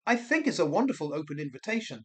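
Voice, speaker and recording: A man's voice: fairly high pitch, sing-song, fast talker, slightly rough. A man giving a scornful, sarcastic commentary monologue, asking rhetorical questions and often correcting himself mid-sentence. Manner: rambling with frequent self-corrections. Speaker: commentary channel host.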